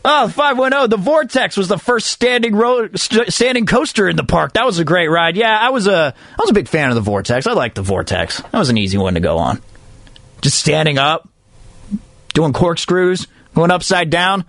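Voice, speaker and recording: A man hosting a sports radio show, reciting a mock-dramatic ode in slow, solemn tones and laughing at himself. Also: high voice, very animated, a bit bright, dry recording. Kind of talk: mock slam-poetry ode, then reading listener texts.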